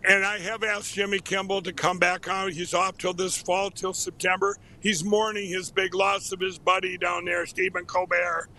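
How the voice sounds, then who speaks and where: Regular show guest, male: bright high voice, rambling and jovial. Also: flat delivery, moderate pace, few pauses. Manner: rambling, filler-heavy, jovial. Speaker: show founder calling in. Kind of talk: casual chat.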